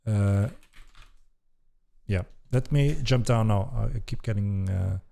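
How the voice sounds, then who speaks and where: A man hosting a casual live-stream Q&A as a game developer, reading chat questions aloud with relaxed, hesitant speech and casual swearing. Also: lowish voice, slow pace, creaky.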